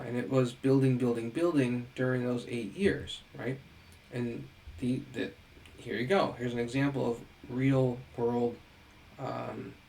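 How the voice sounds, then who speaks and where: A man's voice: mid-range voice, vocal fry, poor audio. A middle-aged man giving a recorded lecture on teaching. He talks in a conversational way, asks rhetorical questions and keeps checking in with "right?". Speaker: education lecturer.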